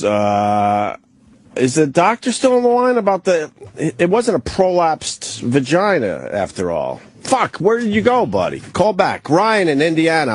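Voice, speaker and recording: A man's voice: medium pitch, dry recording. A man hosting a radio talk show, bantering bluntly and profanely and taking calls. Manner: blunt, profane, laughs easily.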